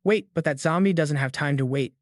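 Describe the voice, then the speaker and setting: A man's voice: on the high side, a little fast, no echo, clean studio sound, close to an everyday voice. A man voicing a frightened young woman who pleads in a shaky voice.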